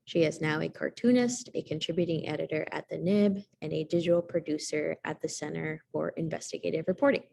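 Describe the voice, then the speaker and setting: A woman's voice: low-pitched, fairly even intonation, fairly quick, vocal fry, hardly any pauses, darkish tone, breathy edge. A woman hosting a literary reading, introducing the next author from a prepared bio. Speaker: event host. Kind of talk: introducing a reader.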